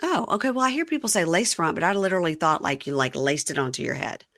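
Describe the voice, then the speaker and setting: A woman's voice: on the low side, fast talker. A woman podcast host casually recapping a reality show, acting out the people she quotes. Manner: animated, acts out quoted lines in raised voices.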